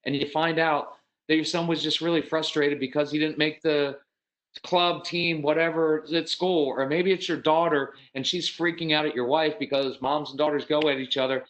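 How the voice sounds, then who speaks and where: A man with a drawl talks parents through calmer habits in a seminar. His voice sits fairly high, and he speaks in a folksy, earnest way, addressing fathers head-on. When he voices other parents, his pitch jumps sharply. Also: normal speed. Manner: animated, acts out quoted parents with sudden pitch jumps.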